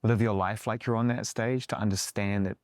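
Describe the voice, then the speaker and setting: A man's voice: lowish voice, fairly even intonation, fairly quick, no echo, clean studio sound. A man interviewing a singer, asking long, earnest questions in a rambling way with filler words.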